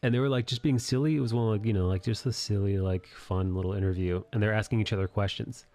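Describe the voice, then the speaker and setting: A man's voice: lowish voice, fairly even intonation, fast talker, mellow. A man hosting a live art stream, chatting casually in a rambling, jokey way and thanking viewers. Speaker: streamer host.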